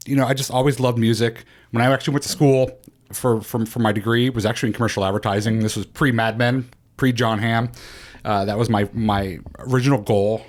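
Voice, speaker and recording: A middle-aged man telling his story as a podcast guest, animated and full of fillers and restarts. His voice sits a bit low for a man. He speaks in a casual way, as if talking across a table.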